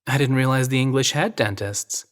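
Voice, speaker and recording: A man's voice: mid-range voice, normal speed, voice pushed up, natural voice. A man voicing a teasing American woman photographer. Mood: playful. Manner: playful, teasing, coy. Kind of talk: audio drama reading.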